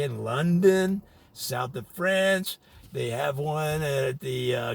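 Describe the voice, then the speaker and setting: A man's voice: sits high, vocal fry, a bit bright. A man hosting a parody spotlight, rambling with mock authority and chuckling at his own tangents. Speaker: comedic presenter. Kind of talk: improvised deadpan parody spotlight.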